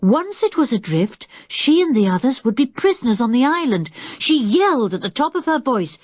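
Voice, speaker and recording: A woman narrating an audiobook with expressive storytelling. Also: on the high side, normal speed, few pauses, no room sound. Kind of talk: scripted narration.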